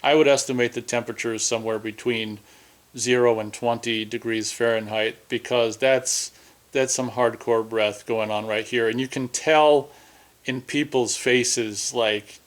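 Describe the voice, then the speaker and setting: A man's voice: medium pitch, steady tone, measured pace. Rambling man chatting. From Minnesota. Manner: rambling, chatty, self-interrupting. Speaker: film commentator. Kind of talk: casual movie commentary.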